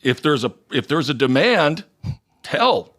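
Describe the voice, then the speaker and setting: A man's voice: a little high, very animated, measured pace, fairly bright tone. A man co-hosting a comedy news podcast, joking in a theatrical way as he talks through the week's stories. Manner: joking, theatrical, often puts on voices when reading quotes. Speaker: podcast co-host. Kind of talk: casual comedic news chat.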